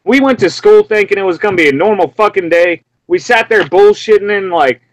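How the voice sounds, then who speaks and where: A young man from Memphis ranting in a casual, profane way, breaking into high mocking yelps as he acts out what he heard. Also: fairly quick, no echo, rough recording. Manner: heated, profane, mimics screams in sudden high yelps.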